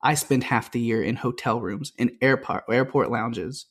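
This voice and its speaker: A man with a mid-range, slightly breathy voice co-hosts a podcast at a moderate pace. He chats loosely about a film, retelling its scenes with plenty of quoted dialogue and filler words.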